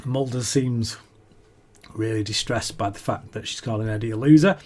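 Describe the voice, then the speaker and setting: A man's voice: on the low side, moderate pace, darkish tone. Chatty man laughing through a review. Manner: chatty, laughs often, restarts sentences. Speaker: podcast co-host. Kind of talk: casual episode review.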